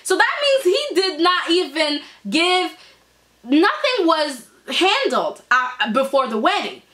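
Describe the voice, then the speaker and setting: A woman with a high, bright voice gives a casual video review, talking right to her viewers. She is animated and profane, and she often checks in with a quick "okay?". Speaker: soap opera reviewer.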